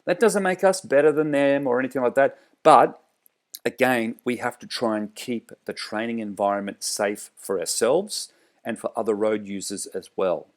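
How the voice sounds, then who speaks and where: Male driver trainer delivering a relaxed online tutorial, explaining step by step with examples. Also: medium pitch, normal speed.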